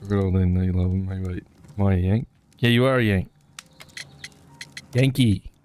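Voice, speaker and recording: A man's voice: deep voice, moderate pace, a little mellow, a little hiss or hum. Wry man commenting on gameplay. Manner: rambling, wry, chatty. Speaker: gaming streamer.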